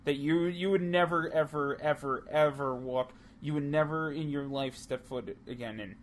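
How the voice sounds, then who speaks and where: A man co-hosting a casual chat show, ranting heatedly with plenty of swearing and restarts. His voice sits a little high. Faint noise hangs behind him. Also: moderate pace. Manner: heated, profane, rambling with restarts. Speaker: podcast co-host.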